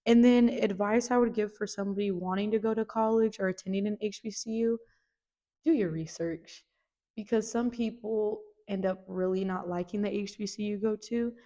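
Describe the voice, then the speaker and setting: A woman's voice: mid-range voice, steady tone, normal speed, warm tone. Earnest young woman hosting a podcast. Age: 20s. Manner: earnest, heartfelt, lots of "like". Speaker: podcast host. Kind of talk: casual chat.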